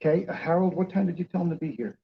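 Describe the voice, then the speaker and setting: A man playing a calm male intervention counselor in a comedy sketch, soothing and coaxing, on a dull lo-fi recording. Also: a little high, very fast, creaky, slight background noise. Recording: dull lo-fi clip.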